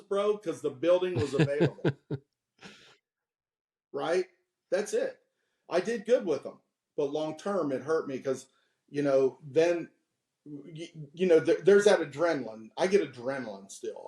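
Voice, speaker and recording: Animated man in his fifties, roomy sound. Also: fairly high pitch. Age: 50s. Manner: animated storyteller, laughs at his own stories, preachy advice. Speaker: podcast guest. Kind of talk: candid podcast conversation.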